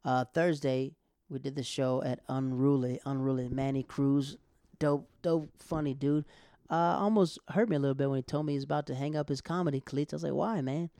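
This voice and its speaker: A young man, a stand-up comic telling stories in a casual chat, animated, laughing often and acting out what people said. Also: mid-range voice, vocal fry, smooth, no echo, studio quality. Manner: animated, quick bursts, laughs often, acts out quotes. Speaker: stand-up comic and podcast host.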